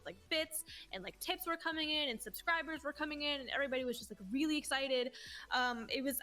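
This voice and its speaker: A woman's voice: fairly high pitch, bright, forceful tone. A woman in her twenties, a streamer guest, telling stories in a casual interview in a gushing, heartfelt way and swearing casually.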